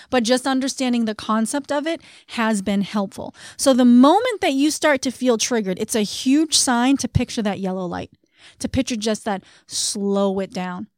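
Earnest higher-voiced woman, dry sound. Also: no room sound. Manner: earnest, explanatory, slows down for key phrases. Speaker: podcast co-host. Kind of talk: conversational podcast advice.

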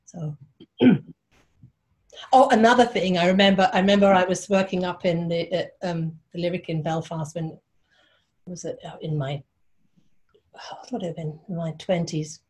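A woman in her sixties from London, a playwright and actress, telling wry anecdotes in an interview with many pauses and fillers. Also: fairly low pitch, steady tone, darkish tone. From London, England. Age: 60s. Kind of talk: conversational interview.

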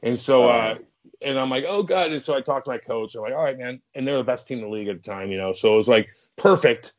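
A man's voice: mid-range voice, fast talker. A man in his thirties from St. Louis, a former hockey player telling rambling, swear-filled stories as a podcast guest. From St. Louis, USA. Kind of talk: casual storytelling. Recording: muffled lo-fi podcast audio.

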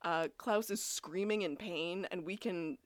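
A woman's voice: lowish voice, a little slow, no room sound, clean studio sound. A woman co-hosting a podcast, recapping a TV episode in casual chat, swearing freely and acting out the characters' lines. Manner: animated, swears freely, acts out quotes. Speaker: podcast co-host.

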